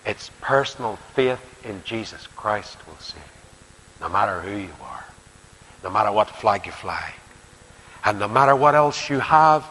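An older man with a Northern Irish accent preaching a sermon and leading prayer, earnest, swinging between emphatic lines and hushed near-whispers. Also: fairly low pitch. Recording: long hall reverb, faint hiss.

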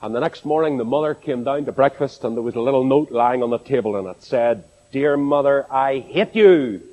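Warm in tone and mid-range in pitch, a man with a Northern Irish accent delivers a brisk sermon in an echoing assembly hall. He addresses the congregation expressively, asking rhetorical questions as he goes.

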